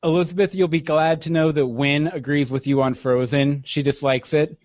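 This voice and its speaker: A man's voice: a little high, no room sound, muffled recording. Man hosting a casual chat, dry sound. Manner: relaxed, many filler pauses. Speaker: podcast host. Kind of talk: casual discussion.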